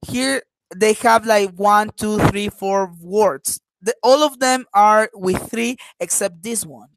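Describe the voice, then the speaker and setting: A woman's voice: mid-range voice, no room sound, low-quality recording. A woman English teacher leading an online class, patient and encouraging, dropping in frequent uh-huhs.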